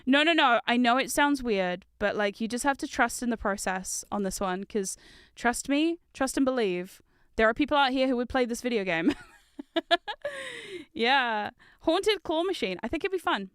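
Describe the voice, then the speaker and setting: A high, bright woman's voice, giggly and excitable, chatting with her livestream viewers while she builds Lego. Her tone is smooth and crisp, and she swears readily when a piece slips away. The sound is close and dry. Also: normal speed, no echo. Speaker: VTuber streamer.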